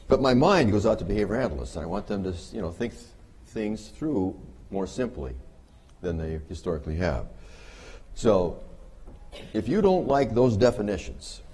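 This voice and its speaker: A man lectures at a conference with a wry, teasing humor, pausing for the audience's laughter. His voice sits a little low with a husky edge. He explains ideas plainly and pokes fun at his own field. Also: big pitch swings, dark tone. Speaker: conference speaker on behavior analysis. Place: conference hall.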